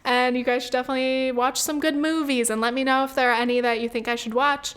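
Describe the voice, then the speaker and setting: Fast-talking and smooth, she has a high, fairly bright voice with fairly even intonation. She's in her twenties and runs her own podcast, where she chats casually alone, swears without holding back, and fills gaps with "like" and "um."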